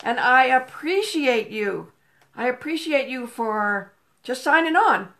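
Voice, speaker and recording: A woman's voice: high-pitched, lively intonation, slow pace, bright, forceful tone. An older woman hosting a casual live stream from home, chatting and greeting viewers by name into a phone camera. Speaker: livestream host. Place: home room with a table. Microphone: phone camera on a table.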